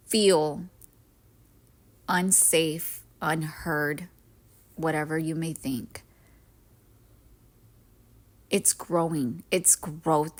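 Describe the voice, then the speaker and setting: A woman in her thirties talks alone into her podcast mic, slow and deliberate with a somewhat low voice. She is earnest and openly emotional, sharing lessons and cheering her listeners on. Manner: emotional, earnest, self-help encouragement. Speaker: podcast host. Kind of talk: reflective solo podcast talk.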